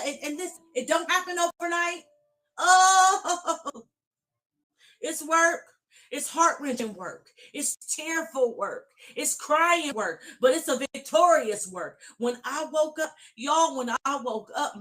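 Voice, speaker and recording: A woman life coach giving a motivational speech to women, speaking straight at them in a preaching cadence, repeating phrases and building up to shouts. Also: high-pitched. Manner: speaks directly to her audience of women.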